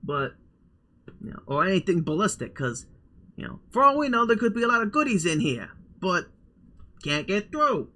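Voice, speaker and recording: A man voicing a rough, folksy male scavenger character in a tabletop game, with a rambling put-on drawl. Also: sits high, sing-song, moderate pace, bright, forceful tone, full character voice. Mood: frustrated. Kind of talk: tabletop role-play voice.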